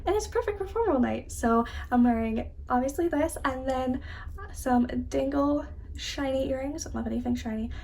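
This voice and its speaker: A young woman, chatting brightly as she shows off purchases in a travel vlog. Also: sits high, moderate pace, vocal fry, slight background noise. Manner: bubbly, chatty, enthusiastic. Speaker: travel vlogger. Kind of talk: casual vlog narration. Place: cruise ship.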